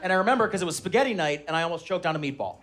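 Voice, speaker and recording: A man in his thirties doing a stand-up comedy set live on stage, telling animated stories and shouting his children's lines. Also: very fast, noisy background. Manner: animated storytelling, shouting high-pitched voices when acting out his kids. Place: live comedy venue with laughing audience.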